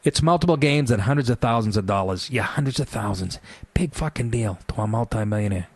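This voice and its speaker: A man's voice: fairly low pitch, animated, a little fast, slightly rough, dry recording. Sarcastic, swearing male radio host. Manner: ranting, sarcastic, profane. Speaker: radio talk show host. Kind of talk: talk radio monologue.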